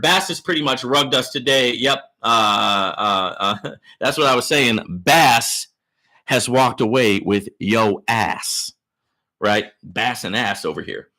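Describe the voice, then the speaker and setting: A man hosting a live Q&A stream, giving loud, hyped shout-outs to viewers in the chat and teasing them boastfully. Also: fairly high pitch. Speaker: livestream host.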